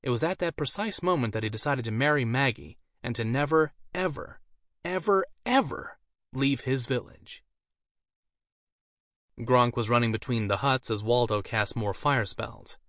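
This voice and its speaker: A man reading a fantasy story aloud with an even, storytelling delivery. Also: mid-range voice, moderate pace, dry recording, studio quality. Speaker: narrator. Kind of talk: audiobook narration.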